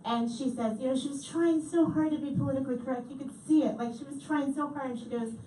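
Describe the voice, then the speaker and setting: Female keynote speaker, slightly high voice, lively delivery, heard from far off in an echoey hall. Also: fast, a little hiss or hum. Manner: lively, animated, repeats audience answers. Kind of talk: comedic keynote talk. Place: large hall.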